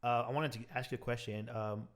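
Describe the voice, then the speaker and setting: A young man hosting a podcast, chatting casually and asking relaxed, agreeable questions. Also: medium pitch, fairly quick. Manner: relaxed, agreeable interviewer, short backchannels. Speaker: podcast host. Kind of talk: casual chat.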